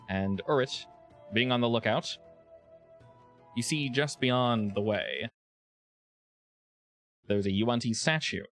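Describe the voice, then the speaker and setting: A man's voice: lowish voice, dry recording, studio quality. Guy running a tabletop game, laid back, lots of uhs. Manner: relaxed, hesitant narration with many uh fillers. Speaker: game master.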